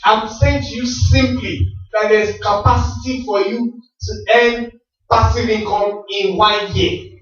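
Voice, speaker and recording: A man's voice: high voice, steady tone, measured pace, a bit bright, faint music behind. A man giving a motivational talk at a business rally, with a preacherly way of asking the audience questions and answering them himself. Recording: very echoey hall, distant mic, dull sound.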